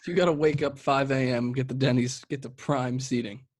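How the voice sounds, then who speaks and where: A man's voice: medium pitch, steady tone, fairly quick, a little mellow, no echo. A young man co-hosting a beer review podcast, chatting casually with crude, joking banter. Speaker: podcast co-host reviewing beers. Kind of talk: casual chat.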